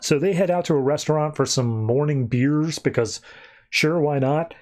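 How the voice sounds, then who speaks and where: A podcast host casually recaps a comic book issue, chatting loosely and leaning on plenty of fillers. His voice is fairly high and a little mellow, at a moderate pace.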